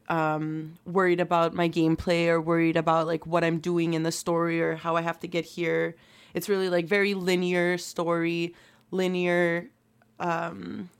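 A young woman with a slightly low voice talks casually as a podcast co-host. She giggles easily and strings her thoughts together with "like" and loose restarts. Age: young adult. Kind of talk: casual chat.

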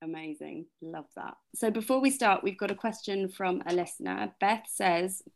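A woman's voice: medium pitch, moderate pace, gravelly. A young woman co-hosting a podcast, chatting casually and encouragingly. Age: young adult. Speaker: podcast co-host.

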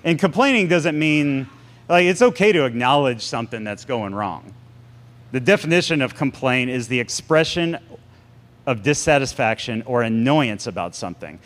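A man preaching a sermon to a congregation, animated and sarcastic, with big swings in pitch. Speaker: pastor.

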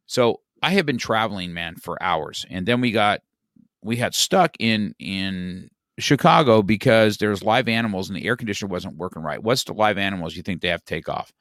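A man's voice: lowish voice, lively intonation, moderate pace, fairly bright tone, no room sound, studio quality. A middle-aged man, a podcast guest, telling a story in casual chat, rambling with many restarts and "you know, man.".

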